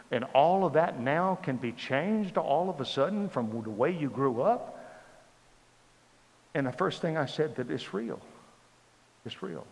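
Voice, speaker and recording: An older man preaching a testimony sermon, acting out dialogue and swinging from loud bursts to hushed tones. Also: mid-range voice. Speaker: pastor. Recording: long hall reverb.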